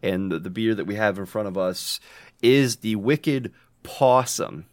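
American dude cohosting a chill podcast, laughs a lot, kinda low voice, dry sound. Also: male voice, unhurried, no room sound. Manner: joking and laughing often, reads labels aloud. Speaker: podcast co-host. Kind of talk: casual chat.

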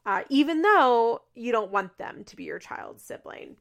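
A woman's voice: a little high, big pitch swings, normal speed, vocal fry, fairly bright tone. A woman hosting a podcast, recapping a reality show in casual chat. She talks in a chatty way, fills her sentences with "like" and laughs often.

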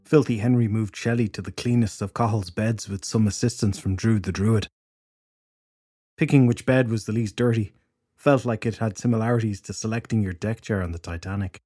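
A man narrating a fantasy audiobook in a steady, measured storytelling voice. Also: on the low side, dry recording. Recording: dry close studio recording.

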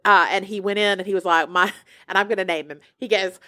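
A woman co-hosting a podcast, telling stories and ranting in a sarcastic, animated way. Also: medium pitch, fast talker, no room sound, studio quality. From US South. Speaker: podcast co-host. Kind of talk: casual chat.

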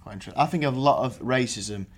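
A man, co-hosting a podcast and giving quick, opinionated takes. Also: mid-range voice. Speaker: podcast co-host. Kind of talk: casual banter.

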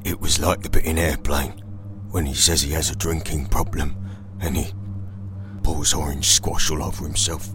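A British man telling an absurd comic tall tale in deadpan style, teasing a sidekick as he goes. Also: a bass voice, moderate pace, background noise. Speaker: comedian. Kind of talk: comic storytelling monologue.

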